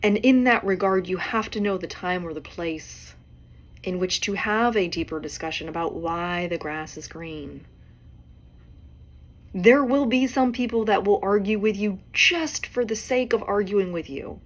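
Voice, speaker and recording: A woman's voice: mid-range voice, unhurried. Woman podcast host, conversational. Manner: conversational, with frequent tag questions. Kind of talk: solo podcast monologue.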